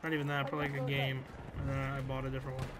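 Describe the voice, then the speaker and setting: A man's voice: mid-range voice, completely flat delivery, rapid-fire. A young man giving live commentary over his own gameplay, hyped, swearing and poking fun at himself. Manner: hyped, swearing, self-mocking banter. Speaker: gaming YouTuber. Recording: gunfire noise behind. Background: game gunfire and explosions.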